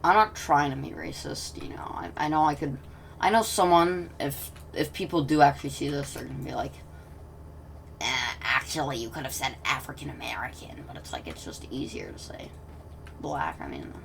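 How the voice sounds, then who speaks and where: Woman gamer commentating casually; low, gravelly voice that wanders and trails into mutters, recorded a bit far from the mic. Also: big pitch swings, normal speed, slight background noise. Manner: rambling, self-interrupting, drops to soft mutters. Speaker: gaming commentator.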